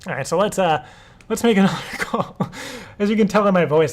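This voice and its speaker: A man's voice: sits high, expressive, fairly quick. A young man hosting a live stream, talking casually and nervously, swearing and laughing often. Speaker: live show host.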